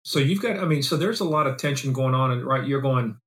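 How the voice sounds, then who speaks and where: A man hosting an interview, asking measured, probing questions and often checking with "right?". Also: mid-range voice, a bit bright. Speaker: interview host. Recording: roomy echo.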